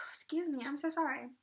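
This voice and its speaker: A teenage girl vlogging in a casual, rambling way with lots of fillers, from the Atlanta area. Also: high-pitched. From Atlanta area, US Southern. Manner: bubbly, rambling with many fillers. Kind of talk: casual chat.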